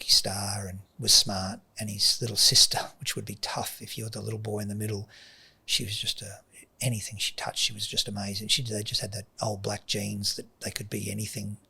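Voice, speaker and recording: A middle-aged man tells a personal story, soft-spoken and often dropping to a whisper. His voice is deeply raspy and gravelly. Underneath sits a low, forceful edge. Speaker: guest.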